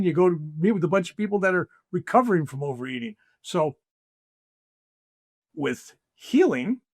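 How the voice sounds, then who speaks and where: A man's voice: fairly high pitch, vocal fry, no room sound, studio quality. An older man, a spiritual teacher, telling stories as a guest in a conversation, acting out the voices he quotes. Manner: animated storyteller, acts out quoted voices. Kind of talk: conversational storytelling.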